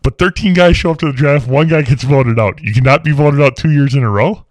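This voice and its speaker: A young man from Wisconsin co-hosting a casual podcast chat, insistent and quick to laugh, swearing casually. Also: mid-range voice, no echo. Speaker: podcast co-host.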